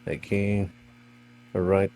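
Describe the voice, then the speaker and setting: A man's voice: low voice, monotone, takes it slowly, dark tone, slight background noise. A man narrating a tabletop role-playing game as game master, with meandering, restart-filled phrasing.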